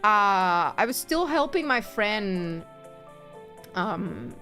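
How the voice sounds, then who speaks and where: A woman's voice: mid-range voice, big pitch swings, very slow, pushed and bright. A woman streamer chatting casually, rambling and laughing often, with faint music behind her. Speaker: virtual streamer.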